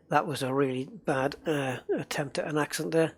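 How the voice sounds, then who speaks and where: A streamer plays and talks at normal speed in a steady, mid-range voice with few pauses. It's relaxed, rambling chatter, including reading viewer chat and answering it.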